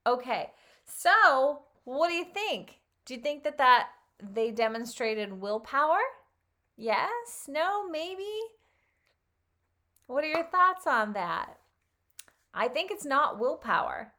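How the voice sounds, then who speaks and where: A health coach reading a children's story aloud and then commenting on it in an animated way, with frequent laughs. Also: female voice, high-pitched, takes it slowly.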